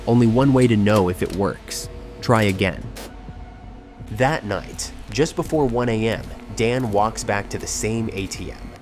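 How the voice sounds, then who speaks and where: A man tells a true-crime style story in scripted narration, his voice sitting on the low side. He builds tension with clipped sentences and deliberate pauses. Quiet music plays underneath. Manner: tense, measured storytelling with dramatic pauses. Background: background music.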